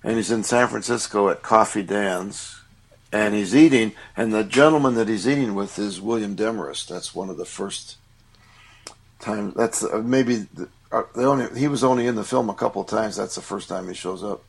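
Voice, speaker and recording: A man co-hosting a casual film discussion, recounting scenes with enthusiasm and some halting restarts. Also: lowish voice, gravelly, slightly rough.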